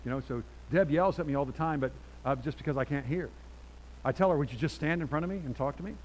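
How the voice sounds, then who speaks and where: A middle-aged man preaching with a voice pitched a little high for a man. He moves between soft, confiding asides and sudden loud, animated stretches. His delivery is conversational, full of restarts and personal stories. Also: quick pace, a little hiss or hum, low-quality recording. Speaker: pastor. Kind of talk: sermon.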